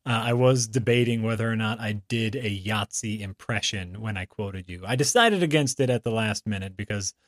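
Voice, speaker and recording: A man's voice: on the low side, normal speed, few pauses, no room sound, clean studio sound. A man co-hosting a podcast in casual chat, talking in a hesitant, chatty way that often trails into restarts. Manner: chatty, hesitant, laughs easily. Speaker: podcast co-host.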